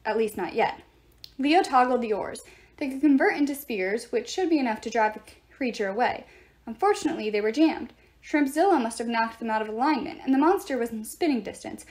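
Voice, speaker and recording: Woman narrator, slightly high voice, expressive novel reading. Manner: expressive storytelling. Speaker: book reader.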